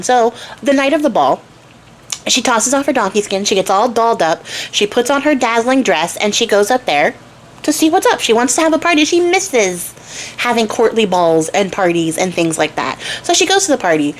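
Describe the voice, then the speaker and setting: A woman's voice: a little high, sing-song, moderate pace, a little hiss or hum. A young woman hosting a craft channel, retelling a fairy tale in a chatty, slangy, irreverent way. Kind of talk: casual storytelling.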